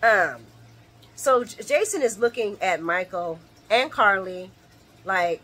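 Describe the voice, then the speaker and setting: A woman hosting a casual late-night soap opera recap vlog, animated and laughing often as she acts out characters' lines. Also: mid-range voice, takes it slowly, husky.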